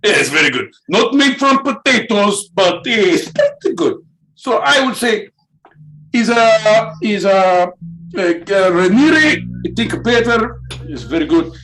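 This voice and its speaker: A man's voice: high voice, sing-song, unhurried, fairly bright tone, faint music behind, voice pushed up, heavily acted, low-quality recording. A man voicing a self-assured Russian man with a thick Russian accent, broken grammar and rhetorical questions. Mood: boastful.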